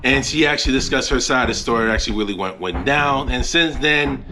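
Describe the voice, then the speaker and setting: A man's voice: mid-range voice, fast talker, pushed and bright, a little hiss or hum. A man hosting a commentary video, talking in a rambling way with many fillers. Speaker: host. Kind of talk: commentary monologue.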